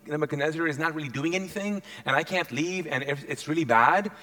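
A man voicing an anxious, cornered ancient king who talks in low, halting, sheepish tones. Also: pushed and bright.

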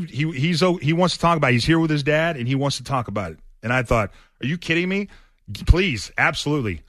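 A man's voice: medium pitch, a bit bright, no room sound, clean studio sound. A man hosting a sports radio show, telling stories in a loose, rambling way with many fillers and restarts. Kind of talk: casual sports talk storytelling.

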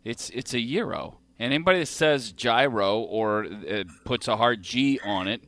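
A man hosting a sports radio talk show, steering the chat with quick easygoing questions. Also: medium pitch, fairly bright tone, no echo.

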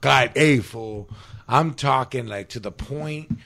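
A man's voice: medium pitch, slow pace, creaky, sharp tone, no room sound. A young man chatting casually with friends, crude and joking, full of slang. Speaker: friend in group chat. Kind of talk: casual chat.

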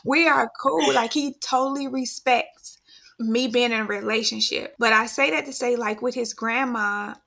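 A woman's voice: fairly high pitch, steady tone, normal speed, gravelly. A woman in her thirties, a podcast host, telling a personal story in casual chat and quoting others as she goes. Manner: storytelling, voice-quoting others, soft when grieving.

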